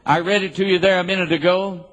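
A man's voice: high voice, steady tone, fast talker, a bit bright. A man preaching a sermon, reading scripture and repeating key words for emphasis. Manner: emphatic and repetitive, drilling key words home. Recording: live sermon in a reverberant hall.

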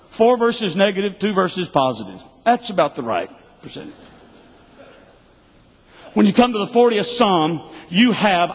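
A man preaching a sermon, emphatic and repetitive, swinging between loud bursts and quiet asides. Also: high voice, husky, big-room sound, rough recording.

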